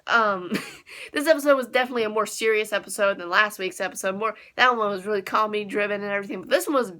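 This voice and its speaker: A woman's voice: medium pitch, fast talker, sharp tone. A young woman giving a casual anime episode review, gushing and giggly, with frequent laughs and fillers.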